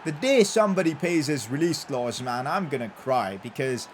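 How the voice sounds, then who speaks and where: A young man giving live commentary over his football video game session, excitable and breaking into loud cheers at the goals. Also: medium pitch, normal speed, a little hiss or hum. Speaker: gaming YouTuber.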